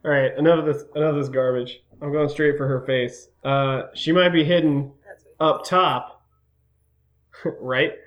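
A man playing a tabletop role-playing game, animatedly describing his character's actions with quick restarts and laughter. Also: on the high side, steady tone. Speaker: player.

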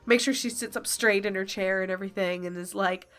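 Casting note: woman game master, chatty and casual, with soft music under her. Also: medium pitch, fairly even intonation, a little fast. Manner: casual, chatty, many fillers. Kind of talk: narrating a tabletop role-playing game.

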